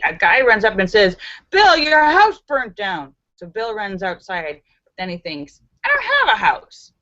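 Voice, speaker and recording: A woman's voice: mid-range voice, fairly bright tone, no room sound. A woman hosting a live stream, reading out viewer jokes and laughing at the punchlines. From Los Angeles. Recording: dull, dry home recording.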